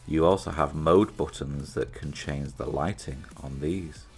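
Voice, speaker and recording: British man, very low voice, casual unboxing chat, self-deprecating, soft music behind. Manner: chatty, self-deprecating, thinking aloud. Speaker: reviewer presenting an unboxing. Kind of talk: casual product demonstration.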